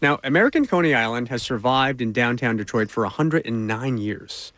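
A male reporter narrates a news feature in a measured, conversational tone. His voice sits at an ordinary middle pitch. He tells the story plainly. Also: expressive, a bit bright, no room sound.

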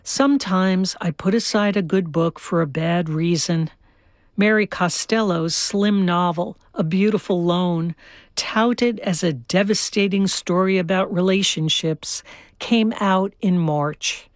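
A woman giving a measured, deliberate radio book review. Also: fairly low pitch, no room sound, clean studio sound. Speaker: book critic.

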